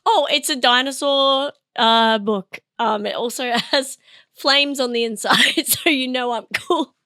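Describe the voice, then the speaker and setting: A hoarse woman rambles to her camera in a self-deprecating review vlog, laughing at herself along the way. Her voice sits a little high. The sound is dry and close. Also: sharp tone, no room sound. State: hoarse, voice partly lost. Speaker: comedian reviewing things. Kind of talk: casual solo review vlog. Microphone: talking into a camera.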